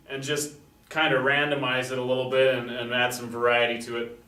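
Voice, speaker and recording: A man showing how to teach a steady beat to young children, explaining patiently step by step. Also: medium pitch, fairly quick. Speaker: music teacher. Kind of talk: classroom teaching demonstration. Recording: roomy echo from a distant mic with faint noise.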